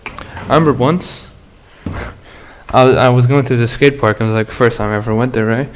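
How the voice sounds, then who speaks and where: A man's voice: mid-range voice, fairly even intonation, moderate pace. A man hosting his own podcast, talking alone in a rambling, crude, slangy way with frequent laughs. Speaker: podcast host. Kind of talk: casual solo podcast monologue.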